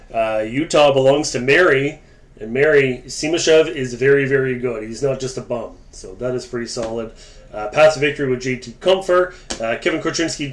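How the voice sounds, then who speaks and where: A man hosts a live sports card break, talking casually and directly to viewers by name as he works through the packs. His voice sits at an ordinary middle pitch. The room around him is roomy and echoing.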